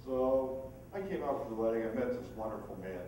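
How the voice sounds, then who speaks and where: A middle-aged man, a stepson, giving a birthday toast with a quiet, dry, wry delivery. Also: fairly low pitch, sing-song, fast talker. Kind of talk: humorous family speech. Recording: echoey hall from far off, background noise.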